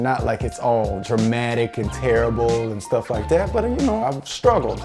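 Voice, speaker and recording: New comic, Southern country accent, crude and candid, over a music bed. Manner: candid and crude, jumps into high voices in quotes. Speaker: new comedian. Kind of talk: confessional interview.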